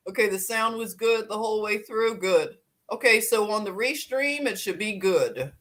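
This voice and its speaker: This livestream host from Philadelphia has a medium-pitched, fairly bright voice that's expressive and moves at a normal speed. She keeps things casual, calling out viewers by name and laughing a lot while chatting.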